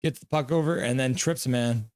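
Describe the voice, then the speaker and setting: A young man on a live stream, calling hockey play and reading chat aloud with excitable, goofy delivery. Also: medium pitch, fairly quick.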